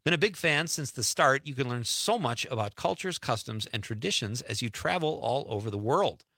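A man's voice: medium pitch, lively intonation, normal speed, sharp tone, no room sound, clean studio sound. A man hosting a radio show, chatting casually and reading listener texts aloud with easy laughs. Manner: chatty, laughs easily, drifts between lines. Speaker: radio host.

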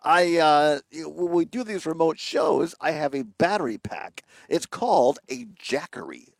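Chatty radio host. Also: male voice, a little high, animated, a little slow, creaky, no room sound. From Wisconsin. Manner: chatty, rambling, upbeat. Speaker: radio talk show host. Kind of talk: live remote radio talk. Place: outdoors on a riverbank.

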